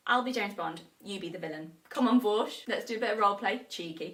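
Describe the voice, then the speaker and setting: A woman's voice: mid-range voice, fairly quick, few pauses, fairly bright tone, distant mic. A woman delivering a playful, theatrical scripted monologue in a teasing manner. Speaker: video essayist.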